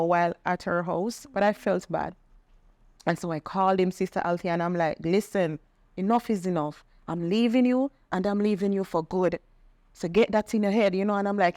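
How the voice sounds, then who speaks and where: A middle-aged woman tells her own story in an earnest, conversational way. She grows animated whenever she repeats what others said. Her voice sits mid-range and sounds close and dry, with little room around it. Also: mid-range voice, no echo. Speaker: podcast guest sharing testimony. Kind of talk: personal testimony in conversation.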